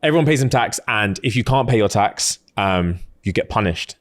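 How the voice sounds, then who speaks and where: A man's voice: fairly low pitch, animated, moderate pace. A man, a podcast co-host casually retelling a story in a rambling way, full of street slang. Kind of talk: casual chat.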